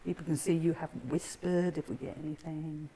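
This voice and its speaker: Soft-spoken lowish woman ghost hunting. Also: level tone, brisk, background noise. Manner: soft-spoken, coaxing questions. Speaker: paranormal investigator. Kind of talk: hushed ghost-hunt narration. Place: dark old building indoors.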